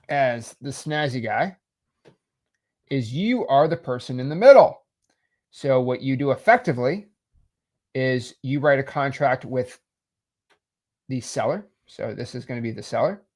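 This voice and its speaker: A man casually teaching real estate wholesaling while sketching, animated and salesy. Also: medium pitch, a little slow, pauses often. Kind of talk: casual whiteboard explainer.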